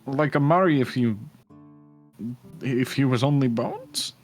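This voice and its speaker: A man playing in a tabletop game, talking casually and hesitantly with many pauses. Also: mid-range voice, animated, faint music behind. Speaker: player.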